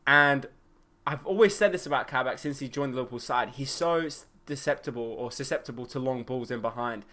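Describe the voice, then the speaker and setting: A young man hosting a solo football podcast, excitable and opinionated, with plenty of fillers. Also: medium pitch, fairly quick. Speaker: podcast host. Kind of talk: solo football match review.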